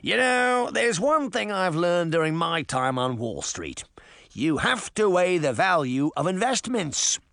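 A man voicing a gruff, greedy male pirate captain in an audiobook, growling and menacing. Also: on the high side, very animated, unhurried, fairly bright tone, dry recording, clean studio sound, full character voice. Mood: gloating. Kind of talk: audiobook character voice.

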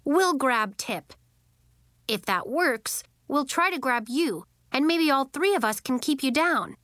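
A woman's voice: sits high, lively intonation, slow pace, a bit bright, no room sound, clean studio sound, pitched above the performer's own voice, full character voice. A woman voicing a confident, kind young girl in a storybook reading, speaking in a friendly, take-charge way.

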